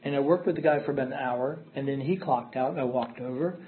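A man's voice: mid-range voice, fast, a little hiss or hum. A middle-aged man telling his recovery story at a meeting, candid and emphatic, circling back on repeated phrases. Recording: tinny phone-like audio.

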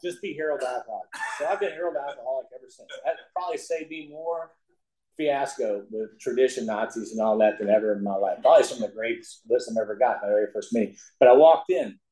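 A middle-aged man from the Ozark Mountains, USA, tells his recovery story to a group at a meeting, joking and laughing at his own lines. His mid-range voice moves fast and sounds warm. The meeting room is echoey.

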